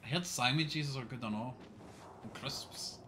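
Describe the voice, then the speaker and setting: A man's voice: medium pitch, a little slow, noisy background. A Scottish man streaming a game in casual chat, ranting in an exasperated way and swearing a lot.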